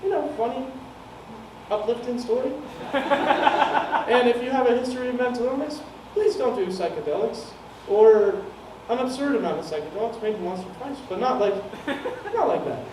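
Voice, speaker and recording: A man's voice: extremely high pitch, lively intonation, normal speed. A young man doing stand-up, telling a rambling, profane story and laughing at his own jokes. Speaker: stand-up comedian. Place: small comedy venue. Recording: echoey room, mic heard from far off, some noise.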